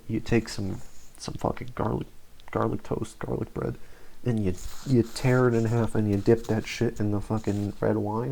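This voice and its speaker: A man's voice: mid-range voice, creaky, mellow. A young man hosting a podcast, rambling through a casual tier-list chat with lots of swearing, restarts and fillers. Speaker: podcast host.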